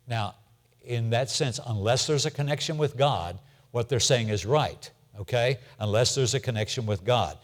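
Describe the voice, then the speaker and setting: A man's voice: medium pitch, expressive, unhurried, darkish tone. An older man teaching a Bible class in a church, speaking plainly, asking the room questions and repeating his key points. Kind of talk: conversational Bible lesson.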